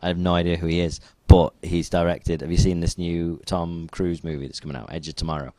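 A man's voice: sits low, little pitch movement, fairly quick, dark tone, no room sound. A man hosting a casual podcast, laid-back and hesitant with many ums. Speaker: podcast host. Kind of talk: casual chat.

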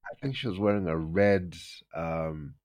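A man's voice: sits low, animated, a little slow, dull audio. A young man, casually telling a story on a podcast and acting out his friends' lines in raised voices. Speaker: podcast host.

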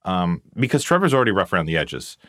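A man's voice: deep voice, sing-song, quick pace, fairly bright tone, dry recording, studio quality. A man co-hosting a podcast, chatting casually and joking irreverently. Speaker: podcast co-host. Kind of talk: casual chat.

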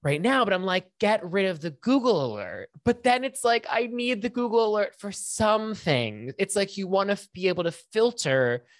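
A man hosting his own podcast alone, thinking out loud in a loose, self-conscious ramble. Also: high-pitched, normal speed, few pauses, dry recording, clean studio sound. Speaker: podcast host. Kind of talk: casual solo monologue.

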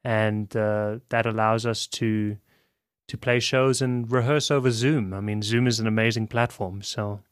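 A young South African man, a band frontman, chatting on a podcast in a calm, very relaxed way. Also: fairly low pitch, a little slow, clean tone, no room sound, clean studio sound. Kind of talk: casual podcast chat.

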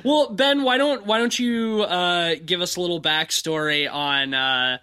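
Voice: medium pitch, unhurried, pushed and bright, clear, resonant tone. A podcast co-host in casual comedy chat, explaining things in a chatty, rambling way.

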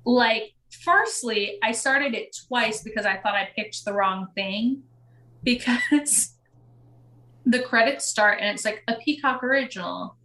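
A woman's voice: on the high side, a little slow. A young woman co-hosting a casual podcast, recapping a reality show, laughing often and acting out quotes. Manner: animated, laughing, acts out quotes. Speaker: podcast co-host.

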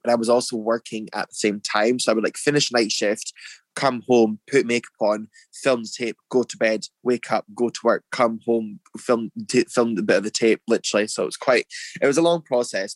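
A man's voice: medium pitch, no echo. A young Scottish man tells his story in a loose, chatty way, full of fillers and restarts. He jumps his voice up to act out what other people said. The sound is dry and close, with little room around it. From Scotland. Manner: chatty, filler-heavy, acts out quotes in a raised voice. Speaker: guest, drag performer. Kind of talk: casual storytelling interview.

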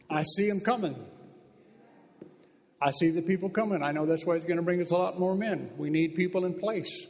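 A man's voice: high-pitched, normal speed, darkish tone. Fervent preacher man in an echoey hall. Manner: fervent, emphatic preaching with repeated declarations. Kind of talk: sermon. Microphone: handheld microphone.

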